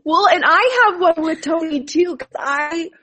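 A woman chatting casually, telling her own story with animated giggles. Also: very high voice, a little slow. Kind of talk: casual chat.

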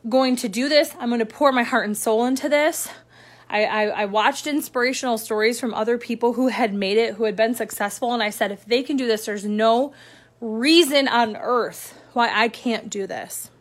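Young mom vlogging to camera, kinda high voice, lots of likes and you-knows, goes quiet then gets all worked up. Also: female voice. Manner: chatty, filler-heavy, swings between hushed and excited. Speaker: mom sharing her work-from-home story. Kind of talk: casual talk to camera.

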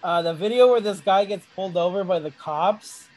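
High-voiced young man telling rambling stories. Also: normal speed, darkish tone, low-quality recording. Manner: rambling, profane storytelling with frequent laughter. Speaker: podcast co-host. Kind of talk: casual chat.

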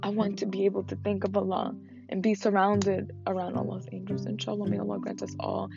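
A young woman hosting her own solo podcast, speaking earnestly and emotionally with pauses while she is fasting. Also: medium pitch, vocal fry, lo-fi sound, over music. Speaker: podcast host. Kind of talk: reflective solo podcast talk.

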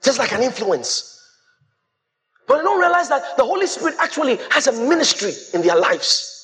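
A man preaching a sermon as pastor, quoting scripture and breaking into shouts. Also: very high voice, big pitch swings, normal speed.

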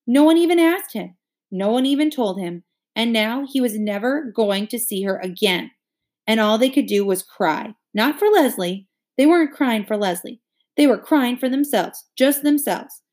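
Lady reading a kids novel out loud, expressive, middle pitch, gets intense. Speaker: narrator.

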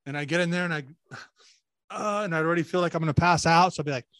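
Profane rambling man, slightly high voice. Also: very fast, a bit bright, no room sound. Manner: profane, rambling, mimics people in quoted asides. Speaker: podcast co-host. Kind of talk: crude casual chat.

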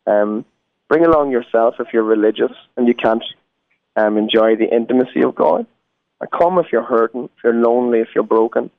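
A man's voice: medium pitch, fairly quick, no echo. An Irish man, a guest musician, talking earnestly in a phone interview. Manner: earnest, preacherly. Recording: tinny phone line.

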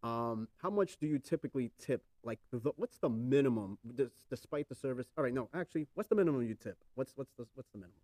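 A man's voice: mid-range voice, expressive, fast talker, hardly any pauses, dark tone, dry recording. A man hosting a podcast, chatting casually and swearing freely, rambling with lots of fillers. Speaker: podcast host. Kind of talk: casual chat.

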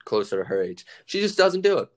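A man's voice: a little high, big pitch swings, fairly quick. A young man co-hosting a podcast, rambling through a casual story and acting out what people said. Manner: rambling storyteller, acts out quotes. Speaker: podcast co-host. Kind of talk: casual chat.

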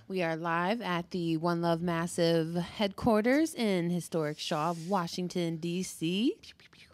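A woman's voice: fairly low pitch, measured pace, dry recording. Woman, podcast host, playful, giggly, casual chat, dry close sound. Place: studio headquarters.

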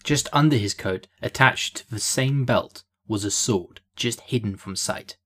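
A man narrates a fantasy story aloud in a steady, descriptive style. His voice sits somewhat low. He reads at an even storytelling pace. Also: measured pace, husky.

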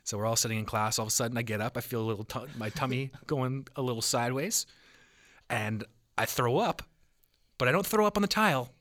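A young man co-hosting a podcast, chatting casually, swearing and telling stories quickly. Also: medium pitch, fairly bright tone. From Canada. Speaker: podcast co-host. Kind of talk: casual chat.

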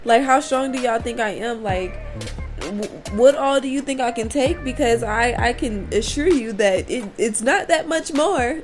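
A woman's voice: fairly high pitch, moderate pace. Woman venting to her viewers, voice kinda worn from crying, laughs it off, faint music behind. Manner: raw, confiding, laughs through frustration. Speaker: spiritual vlogger. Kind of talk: candid casual monologue to viewers.

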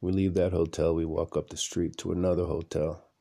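A man with a very low, gravelly voice and a dark, mellow tone tells a rambling story for his podcast. He speaks slowly and bluntly, repeating phrases for effect, from a room at home at night. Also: flat delivery. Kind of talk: casual storytelling monologue.

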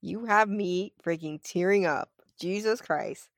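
A woman's voice: medium pitch, measured pace, no echo, studio quality. A woman podcast guest chatting casually, emphatic and encouraging, swearing freely. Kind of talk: casual chat.

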